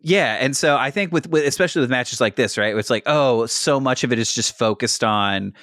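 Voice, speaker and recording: A man in relaxed podcast banter, animated and playful, who keeps slipping into goofy bits. His voice sits at an ordinary middle pitch and is recorded close and dry, with no room sound. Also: moderate pace, no room sound. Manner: animated, joking, breaks into impressions. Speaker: podcast co-host. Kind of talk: casual chat.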